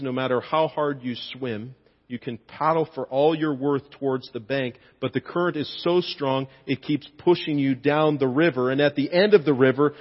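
A man preaching a sermon with lively, expressive delivery, his voice rising when he acts out quoted lines. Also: fairly high pitch. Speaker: pastor. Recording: dull sound with long hall reverb.

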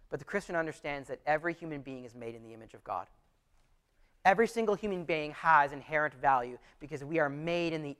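A man's voice: fairly high pitch, fairly bright tone. A pastor preaching a sermon to his church, earnest and conversational, often restarting his phrases.

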